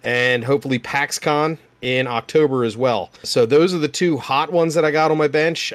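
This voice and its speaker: A man co-hosting a casual podcast, easygoing and quick to laugh. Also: medium pitch, dry recording. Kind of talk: casual chat.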